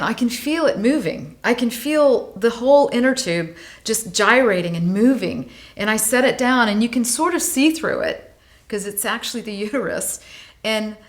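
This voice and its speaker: A woman in her late forties, a guest on an interview show, telling a story with lots of feeling, her voice rising and dropping with the tale. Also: mid-range voice. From United States. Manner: animated, vivid storyteller, voice rising and falling with the tale. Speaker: guest, animal welfare advocate.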